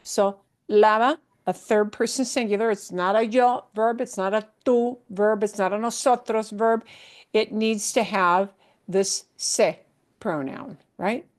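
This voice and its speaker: A woman leads a Spanish lesson at an unhurried pace. She explains each point patiently, checks often that her students follow, and mixes English with Spanish examples. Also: mid-range voice, fairly even intonation. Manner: slow, patient explaining with many checks like "right?". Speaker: Spanish teacher. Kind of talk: live language lesson.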